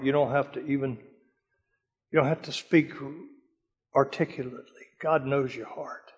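An older man giving a dramatic sermon-style testimony, telling stories from his past with a hushed voice during the prayers. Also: mid-range voice, steady tone, normal speed, long pauses, husky. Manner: dramatic storytelling, drops to a hush for prayers. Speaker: speaker telling war stories. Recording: long hall reverb.

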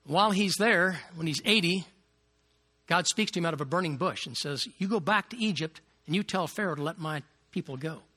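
A man delivering a sermon as lively storytelling, his voice bright, forceful and pitched a little high for a man. He acts out the characters' lines, then sinks soft and low for the solemn moments. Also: fairly quick. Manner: dramatic storytelling, acting out quoted lines. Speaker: preacher. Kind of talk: sermon retelling a Bible story.

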